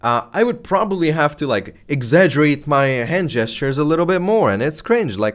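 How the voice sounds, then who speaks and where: A man teaching video creators in a loud, playful, deliberately exaggerated way, speaking close to a microphone. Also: fairly high pitch. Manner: animated and casual, slangy, exaggerated excitement. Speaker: YouTube creator teaching strategy. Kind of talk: energetic talking-head lesson. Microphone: close microphone facing camera.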